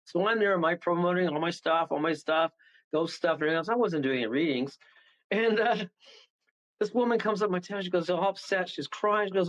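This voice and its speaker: A man tells long, meandering stories as a radio show guest, chuckling often as he goes. His voice sits somewhat high for a man. The audio is dull and lo-fi, like a call-in feed. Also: fairly quick, a bit bright. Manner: rambling, chuckling storyteller. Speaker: medium and guest. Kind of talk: casual radio interview chat.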